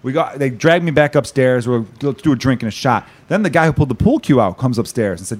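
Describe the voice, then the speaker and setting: Fast-talking Chicago-accented man. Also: mid-range voice, slightly rough. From Chicago, USA. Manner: rapid, animated anecdotes with blunt swearing. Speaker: podcast host and comedian. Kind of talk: casual chat and storytelling.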